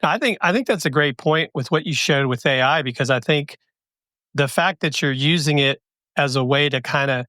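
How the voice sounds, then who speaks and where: A man's voice: on the high side, moderate pace, pushed and bright, no echo, studio quality. A man co-hosting a business podcast, agreeing and adding casual, filler-laced comments. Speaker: podcast co-host. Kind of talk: casual interview chat.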